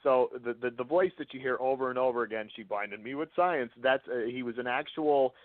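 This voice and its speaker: A man's voice: mid-range voice, a little fast, no echo. Man telling anecdotes over a phone line. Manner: animated anecdote teller, hesitant fillers. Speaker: author and music journalist, guest. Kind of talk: interview storytelling. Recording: tinny phone line, dry.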